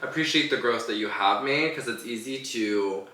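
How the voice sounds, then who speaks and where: A man's voice: mid-range voice, normal speed, pushed and bright, echoey room, far from the mic, slight background noise. A young man co-hosting a podcast in casual chat, talking loosely with lots of "like" fillers and laughing often. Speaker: podcast co-host.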